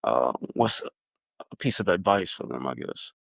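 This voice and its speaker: Low-voiced host with a dry sound. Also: male voice, sing-song, normal speed, creaky, fairly bright tone, dry recording. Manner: loose and conversational, many uh fillers. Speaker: podcast host. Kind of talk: interview questions.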